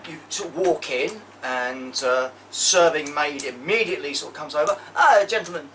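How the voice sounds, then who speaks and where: A man's voice: on the high side, moderate pace, fairly bright tone, far from the mic, a little hiss or hum. A man who narrates a tabletop game as game master, joking crudely with his players.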